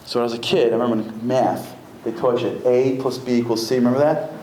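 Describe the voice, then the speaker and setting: A man giving a comic, fast-moving religious lecture, acting out the voices of the people in his stories. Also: mid-range voice, fairly even intonation, mellow. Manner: comic, acts out quoted voices, rapid storytelling. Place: packed synagogue hall. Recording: echoey hall with faint room noise.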